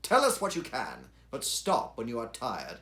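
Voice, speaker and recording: A courteous, composed detective, as a male reader puts him on, inviting his guest to rest with raised, kindly urging. It is a man's voice of middle pitch, lifted a little above the narration. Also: huge pitch swings, moderate pace, sharp tone, roomy sound.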